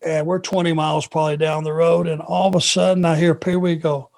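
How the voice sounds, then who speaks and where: A man from Georgia, co-hosting a podcast and telling a long anecdote in an unhurried, drawn-out way. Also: a little high, level tone, gravelly, darkish tone. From Georgia, USA. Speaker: podcast co-host. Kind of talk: casual storytelling chat.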